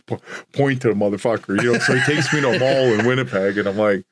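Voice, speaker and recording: A man from Canada, a podcast guest, telling rambling, profane stories in a casual, animated way. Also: medium pitch, quick pace, slight background noise. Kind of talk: casual storytelling.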